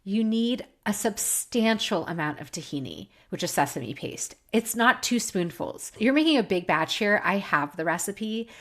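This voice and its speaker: Woman, podcast co-host, casual cooking chat, enthusiastic, explains step by step, mid-pitched voice. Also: lively intonation, normal speed, few pauses, a bit bright.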